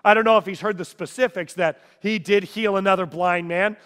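A man with a high voice delivers a sermon with dramatic storytelling, moving from hushed, quiet passages to full shouts. His voice rings out with a long reverb, as in a large sanctuary. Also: steady tone, brisk, clean tone. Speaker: preacher.

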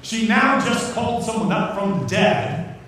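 A pastor giving a sermon, teaching scripture in a conversational way with joking asides. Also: male voice, high voice, animated, measured pace, fairly bright tone, a little hiss or hum. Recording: echoey hall from far off.

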